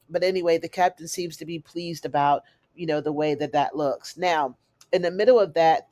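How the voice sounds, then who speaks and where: A woman giving a chatty, animated recap of a TV episode, calling her listeners "honey" and "y'all". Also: deep voice, no echo. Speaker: recap host. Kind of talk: casual TV recap.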